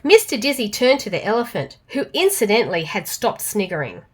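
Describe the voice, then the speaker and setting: A woman with an Australian accent reading a storybook aloud to children, expressive and animated. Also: medium pitch, brisk, hardly any pauses, husky.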